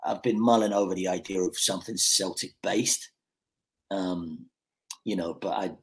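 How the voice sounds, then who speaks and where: A man from Scotland, an actor guest on a podcast, telling stories in a relaxed way with lots of fillers and restarts. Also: low-pitched, moderate pace. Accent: mixed Scottish and English, Americanised. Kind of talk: casual podcast chat.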